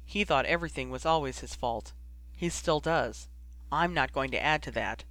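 A man voicing a guarded young wizard who speaks quietly and bitterly. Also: mid-range voice, normal speed, dry recording, close to an everyday voice.

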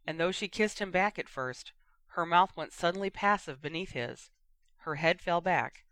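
An audiobook narrator giving a steady, expressive reading of a fiction story. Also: mid-range voice, normal speed, no room sound.

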